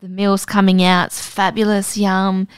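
A woman, co-hosting a casual podcast and telling an animated story, acting out the voices. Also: mid-range voice, unhurried, smooth, no room sound. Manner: animated, acts out voices in stories. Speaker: podcast co-host.

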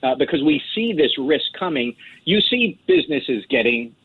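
A man's voice: fairly high pitch, big pitch swings, moderate pace, slightly rough. A man chatting casually as a guest commentator, talkative with many restarts and fillers. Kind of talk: casual chat. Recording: lo-fi phone line.

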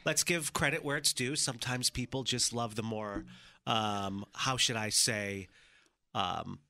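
A man's voice: lowish voice, measured pace, bright, forceful tone. A man co-hosting a radio show, dropping dry, teasing remarks into the chat. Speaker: radio co-host. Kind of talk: casual on-air chat. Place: radio studio.

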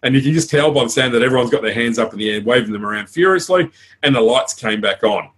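An Australian man coaches an audience on public speaking in a frank, energetic way. He moves briskly from tips to stories and throws in casual asides. His voice sits at a middling pitch for a man. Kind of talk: conference talk.

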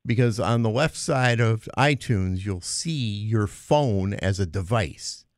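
A man's voice: on the low side, expressive, slow pace, no echo, studio quality. A man co-hosting a radio show, patiently explaining computer steps to a caller. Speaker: tech expert co-host. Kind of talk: on-air explanation.

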